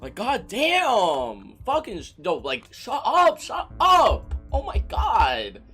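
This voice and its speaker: A young man doing let's play commentary, loud, excitable and profane, yelling at the characters. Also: sits high, takes it slowly, breathy edge, soft background music. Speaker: gaming streamer.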